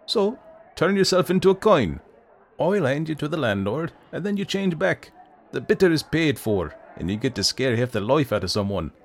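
Crafty, brash drunk trickster, high and loud, a male narrator puts him on. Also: very animated, moderate pace. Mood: cocky. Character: crafty boastful drunk man, cheeky trickster.

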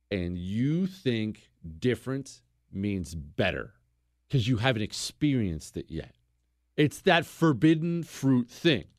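Bantering man, lively swooping pitch. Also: no room sound, clean studio sound. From United States. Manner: bantering, mock-boastful, with swoops up and down. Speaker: radio talk show host. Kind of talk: casual call-in advice chat.

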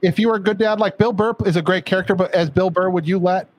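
A man's voice: high voice, steady tone, fast. A man co-hosting a podcast who keeps the talk moving with easygoing questions. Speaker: podcast co-host. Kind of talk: casual podcast chat.

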